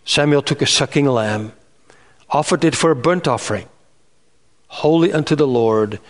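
A man preaching a sermon in an earnest, measured way, rising in pitch on emphatic lists. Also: fairly bright tone. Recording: reverberant hall sound.

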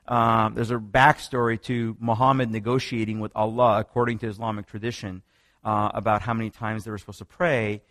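Animated preacher man, dry sound. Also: a little fast, no room sound. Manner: animated storytelling, many restarts, rising pitch when excited. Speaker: preacher teaching on another religion. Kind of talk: sermon-style teaching talk.

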